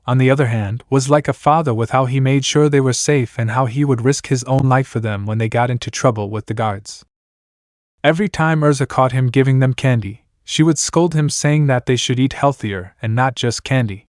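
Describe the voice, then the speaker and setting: A man reading a fan story aloud in steady narration. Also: medium pitch, no room sound, clean studio sound. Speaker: fanfiction reader.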